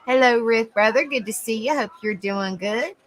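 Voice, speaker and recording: A woman's voice: on the high side, normal speed, slight background noise, poor audio. A woman with a Southern US accent, hosting a casual live stream, chatty and giggly as she greets viewers by name. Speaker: livestream host.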